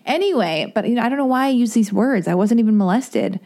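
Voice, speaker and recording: A woman's voice: on the high side, animated, quick pace, dark tone. A young woman hosting her podcast solo, rambling along in casual self-mocking chat with lots of fillers. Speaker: podcast host.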